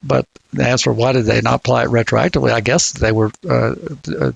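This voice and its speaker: A man with a Southern drawl, talking through legal questions on a podcast in a deliberate, halting way with many restarts. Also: medium pitch, fairly even intonation, vocal fry, breathy edge, dry recording, poor audio. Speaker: legal commentator. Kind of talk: casual podcast discussion.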